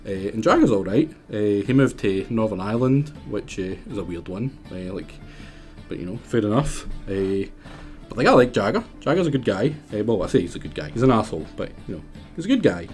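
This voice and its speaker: A man's voice: lowish voice, animated, brisk, a little mellow, soft background music. A young Scottish man with a Scottish accent, chatting in a joking, mocking, sweary way while streaming a game. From Scotland. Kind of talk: casual gaming stream chat.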